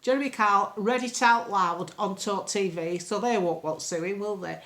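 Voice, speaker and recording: An older English woman from England vlogging from home into a phone camera, chatting bluntly and meandering through opinions. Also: normal speed. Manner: blunt, opinionated, meandering, lively swings in pitch. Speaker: political vlogger. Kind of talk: casual rambling monologue to camera. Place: home, indoors.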